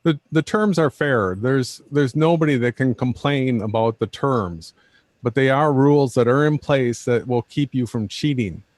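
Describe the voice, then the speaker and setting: A man's voice: medium pitch, normal speed, darkish tone, no room sound. A man co-hosting a casual livestream, blunt and combative, often repeating himself. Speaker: co-host.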